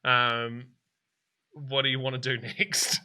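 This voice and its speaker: A man's voice: medium pitch, little pitch movement, slow pace, bright, forceful tone, clear, resonant tone. A man narrating as dungeon master in a tabletop game, rambling and hesitant, often laughing through his descriptions.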